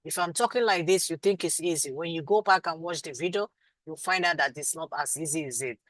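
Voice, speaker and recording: Low-voiced Nigerian woman teaching online. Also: brisk, fairly bright tone, no room sound, low-quality recording. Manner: affectionate, calls students sweetie and my love; firm, insistent teacher. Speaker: instructor. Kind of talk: live online class Q&A.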